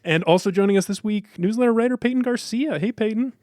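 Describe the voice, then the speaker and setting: Podcast host: American man, slightly high voice, playful delivery, dry studio sound. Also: quick pace, darkish tone, no echo. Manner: playful, theatrical opening reading. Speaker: producer and fill-in host. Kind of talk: podcast chat.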